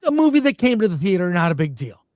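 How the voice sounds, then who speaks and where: A man hosting a casual film-talk panel, speaking in an animated, enthusiastic way. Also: high voice, quick pace. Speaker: show host.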